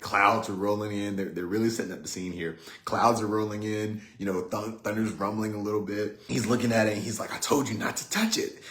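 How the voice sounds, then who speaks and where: A man hosts a relaxed motivational livestream in a lowish voice, chatting loosely and tossing in fillers. His voice echoes around a roomy space. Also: brisk, hardly any pauses. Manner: relaxed, conversational, many fillers like 'right?'. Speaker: host. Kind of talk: casual motivational talk on a livestream. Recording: roomy echo.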